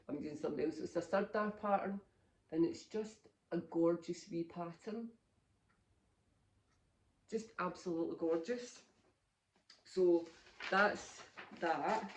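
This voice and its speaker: A woman's voice: on the low side, darkish tone, dull audio. A woman in her fifties with a Scottish accent, hosting a knitting podcast in a chatty, rambling way and laughing often. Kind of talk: casual chat.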